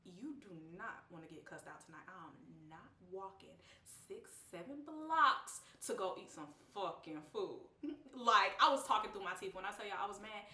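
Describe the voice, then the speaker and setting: A young woman tells a storytime for her vlog, blunt and slangy, laughing often and playing out what everyone said. Her voice is bright and forceful. She sits a bit back from the mic in a roomy, echoey space. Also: mid-range voice, unhurried. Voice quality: animated, expressive, lively quoting of others. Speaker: vlogger. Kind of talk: casual storytime. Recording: roomy, slightly distant mic.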